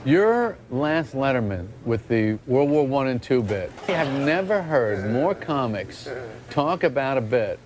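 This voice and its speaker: A man interviews a comedian, asking measured questions. His pitch moves a lot. An audience is clearly heard behind him. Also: sing-song, crowd noise.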